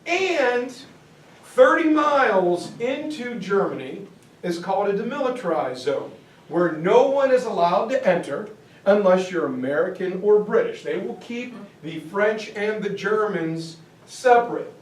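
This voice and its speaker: A male history teacher giving a jokey, animated lecture. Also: sits high, measured pace. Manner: animated, joking, slips into comic voices. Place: classroom or hall. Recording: echoey room, far from mic, faint hiss.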